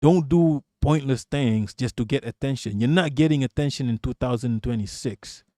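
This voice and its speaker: A man's voice: medium pitch, normal speed, dark tone, dry recording, studio quality. A man streaming live, talking straight to his chat in a blunt, rambling, profane manner and laughing often between remarks. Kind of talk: live-stream political commentary.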